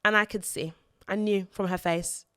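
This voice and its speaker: A woman's voice: medium pitch, fairly even intonation, fairly bright tone, clean tone, dry recording, clean studio sound. Earnest woman sharing a personal story. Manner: earnest, halting, repeats words when emotional. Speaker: podcast co-host and mother.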